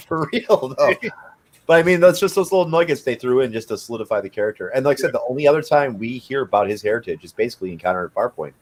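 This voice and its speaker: A man's voice: mid-range voice, animated, quick pace. A man chatting casually as a guest, rambling loosely and swearing now and then. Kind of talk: casual chat.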